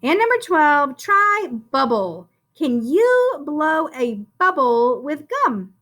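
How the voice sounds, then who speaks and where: Bright, lively woman teaching phonics slowly. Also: high-pitched. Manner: slow, drawn-out sounding out of words; encouraging, sing-song teacher talk. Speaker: first-grade teacher. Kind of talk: phonics lesson for young children.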